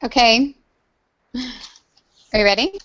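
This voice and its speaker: A woman yoga trainee taking her practice turn over a video call, quiet and self-correcting. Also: a little high, lively intonation, very slow, muffled recording.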